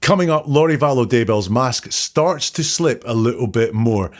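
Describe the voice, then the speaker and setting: Quoting interview lines and then dissecting the language, a male host works through a solo commentary show in a calm, analytical way. His voice is medium in pitch with lively intonation.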